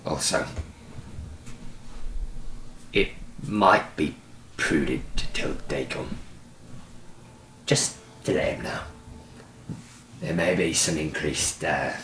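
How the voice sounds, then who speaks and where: A man's voice: very deep voice, takes it slowly, creaky, pauses often, sharp tone, full character voice. A man voicing a sly, teasing pipe-smoking woman who calls everyone love, recorded from a distant mic in a roomy space with faint hiss.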